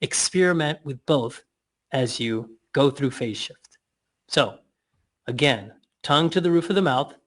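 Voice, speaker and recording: A man leading a guided breathing and mouth exercise, giving slow cues with playful asides. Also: mid-range voice, animated, a bit bright.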